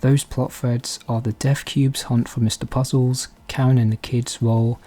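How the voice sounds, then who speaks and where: A man hosting a fan theory channel, talking quietly and softly through a scripted commentary. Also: medium pitch, flat delivery, moderate pace. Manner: quiet, hushed, soft-spoken delivery.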